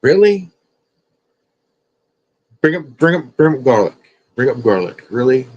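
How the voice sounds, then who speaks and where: Slow, scolding man with a lively pitch. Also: husky, dull audio. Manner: scolding, repetitive, profane. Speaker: streamer. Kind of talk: confrontational rant.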